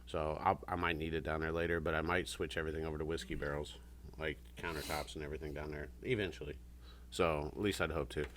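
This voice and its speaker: A man's voice: extremely low pitch, little pitch movement, quick pace, fairly bright tone, slight background noise. A man chatting casually, rambling through stories and acting out what others said. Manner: rambling storyteller, acts out quotes. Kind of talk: casual chat.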